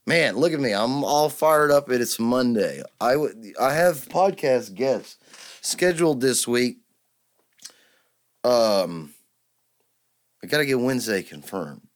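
A man's voice: mid-range voice, animated, takes it slowly, long pauses. A man hosting a solo podcast, ranting heatedly and swearing constantly. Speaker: podcast host.

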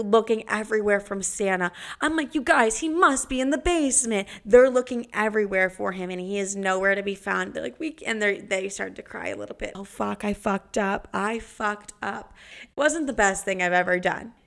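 A woman's voice: medium pitch, vocal fry, a bit bright. A young woman telling brash, profane stories about quitting jobs in a sarcastic storytime monologue.

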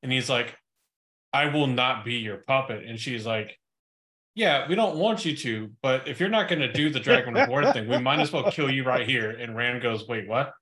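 A man's voice: medium pitch, lively intonation, normal speed, sharp tone. A man co-hosting a podcast, casually retelling book scenes with wry humor. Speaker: podcast co-host.

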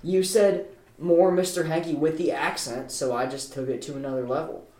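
A man's voice: a little high, fairly even intonation, moderate pace, dark tone, reverberant. Blunt, swearing man in a podcast chat. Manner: blunt, dismissive, swears freely. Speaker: podcast co-host. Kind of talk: casual chat among friends.

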